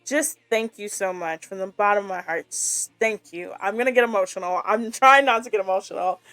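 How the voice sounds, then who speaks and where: A woman's voice: medium pitch, fairly quick, fairly bright tone, no echo. A woman co-hosting a sports and pop culture podcast, wrapping up the episode in an effusive, bubbly way. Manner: bubbly, effusive, pleading with listeners. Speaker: podcast co-host. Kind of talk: casual chat, sign-off.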